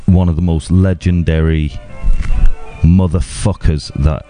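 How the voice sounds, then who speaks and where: A man's voice: low voice, level tone, a little slow, warm tone, faint music behind. A man co-hosting a podcast in casual chat, teasing bluntly with a lot of swearing. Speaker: podcast co-host.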